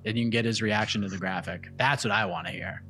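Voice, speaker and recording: A man hosting a casual sports podcast, with brisk, upbeat patter as he wraps up the show. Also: on the low side, fairly even intonation, bright, forceful tone, faint music behind. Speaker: host.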